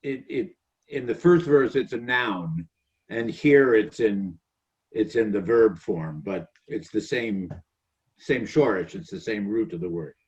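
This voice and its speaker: A rabbi talks a study group through a verse, explaining in an easy conversational way. The sound is dull and lo-fi. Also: male voice, fairly low pitch, a little slow, a little mellow.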